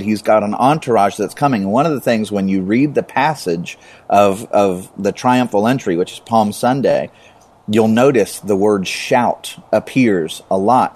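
A low-voiced man teaching about the Bible in a relaxed conversation. He builds momentum as he talks, repeating words for emphasis. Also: moderate pace.

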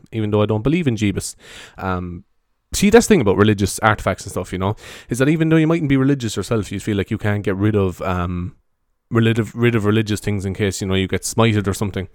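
Irish guy mumbling half-whispered asmr ramble in his bedroom, swears a lot, lowish voice, dry close sound. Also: lively intonation, brisk, no room sound. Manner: meandering, chatty, swears freely, soft hushed delivery. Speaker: podcaster. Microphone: handheld microphone carried around the room.

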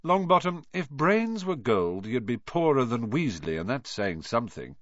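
A man's voice: mid-range voice, big pitch swings, moderate pace, dry recording, lo-fi sound, natural voice. A man reading an audiobook voices a spiteful, sneering rich schoolboy who taunts others. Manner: taunting, mocking.

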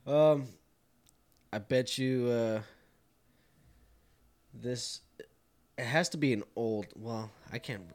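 A man's voice: mid-range voice, takes it slowly, pauses often, darkish tone. A young man in casual chat while tasting beer, laid-back and swearing often.

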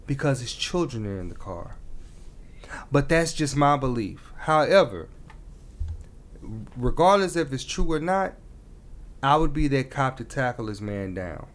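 A man talking earnestly in a casual discussion, building to emotional emphasis as he makes his point. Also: mid-range voice.

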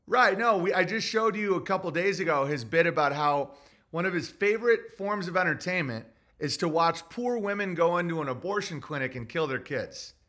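A man with a high, bright voice rants through a podcast commentary. He swears freely, trips over restarts and keeps pushing his point with agitated energy. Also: animated, moderate pace. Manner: profane, agitated ranting with restarts and mock voices. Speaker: podcast host. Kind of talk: rambling commentary monologue.

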